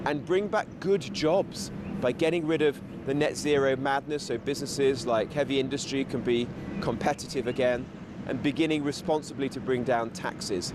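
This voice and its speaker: A man's voice: mid-range voice, noisy background. Campaigning male politician. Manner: steady campaigning tone, lists points one after another. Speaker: political guest. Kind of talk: political argument on a talk show.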